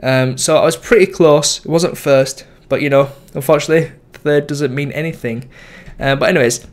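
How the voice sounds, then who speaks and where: A man's voice: fairly high pitch, steady tone, normal speed. A young man giving casual, rambling commentary over his game, full of ums and self-corrections. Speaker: gaming YouTuber.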